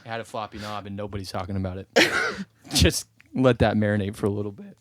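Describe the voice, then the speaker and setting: A man's voice: fairly low pitch, sing-song, fairly quick, fairly bright tone, no room sound, studio quality. A man co-hosting a podcast in casual comedic chat, joking and cursing, laughing often. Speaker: podcast co-host.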